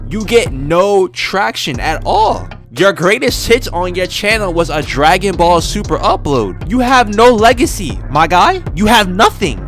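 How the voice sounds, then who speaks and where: A man's voice: a little high, a bit bright. A young man delivering a profane, boastful diss rant as a YouTuber. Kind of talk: trash-talking diss rant.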